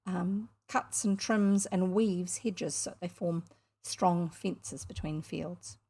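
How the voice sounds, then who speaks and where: Breathy New Zealand woman reading a story. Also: mid-range voice. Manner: gentle, pauses to explain words to young listeners. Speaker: storyteller reading a book aloud.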